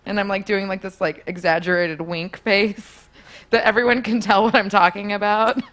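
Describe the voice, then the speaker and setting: A young woman telling a story in casual chat, animated and often laughing, acting out quotes in a higher voice. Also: normal speed.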